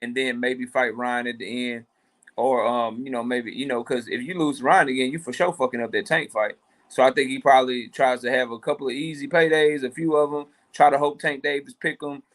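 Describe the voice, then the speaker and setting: A man's voice: medium pitch, fairly bright tone. A man co-hosting a casual boxing talk show, speaking loosely with profanity and fillers.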